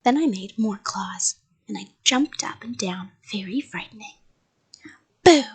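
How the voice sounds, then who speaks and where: A woman reading a children's story aloud in a soft, half-whispered bedtime voice. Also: medium pitch, moderate pace, breathy edge.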